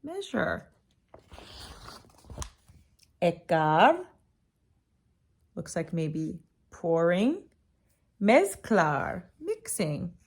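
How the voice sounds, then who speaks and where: A woman's voice: on the low side, sing-song, slightly rough. A woman teacher reading a picture book aloud to young children, asking them encouraging questions. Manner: slow, encouraging questions to kids.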